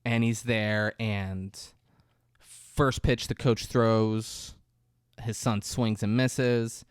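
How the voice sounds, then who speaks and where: A man's voice: fairly low pitch, drawn-out words, smooth, no echo, clean studio sound. A man co-hosting a podcast, recapping a film in casual chat and acting out the characters' lines. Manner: animated retelling with acted-out quotes. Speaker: podcast co-host.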